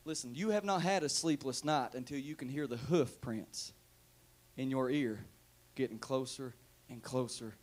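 A male pastor preaching to a church congregation, moving between hushed talk and shouted calls for the room to answer back. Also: mid-range voice, moderate pace. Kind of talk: sermon.

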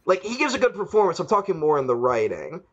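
On a podcast, a male co-host rambles casually about a film, chuckling and acting out quotes and scenes. His voice is high and very animated, and he talks fast. The audio sounds dull.

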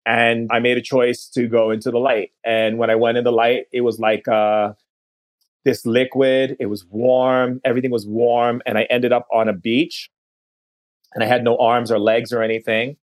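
A man who is a podcast guest, recounting a personal story in an earnest, unhurried way and often slowing down to linger on words. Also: mid-range voice, level tone.

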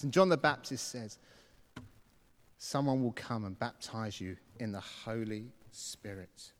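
A man's voice: medium pitch, long reverb tail. A man preaching a sermon, telling a personal story and acting out his own reactions. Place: church.

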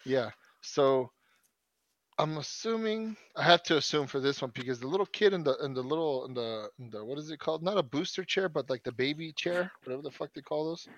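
A man's voice: a little high, animated, fairly quick, no room sound, lo-fi sound. A man in his thirties telling a long story in casual chat, swearing often and restarting his sentences. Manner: profane, rambling storyteller with many restarts.

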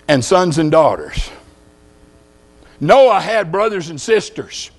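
An older man preaching a sermon, telling homespun stories and jokes in a folksy way. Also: high voice.

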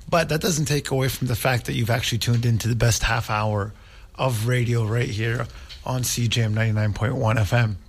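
A man hosting a radio show while hoarse from a sore throat, talking earnestly and rambling with many restarts. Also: mid-range voice, fairly even intonation, brisk, slight background noise. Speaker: radio host.

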